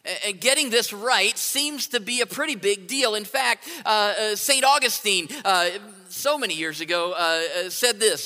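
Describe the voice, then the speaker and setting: A man preaches a sermon conversationally, repeatedly tossing a rhetorical "right?" to his listeners. His voice is high and sharp at normal speed with hardly any pauses, and long hall reverb fills the recording.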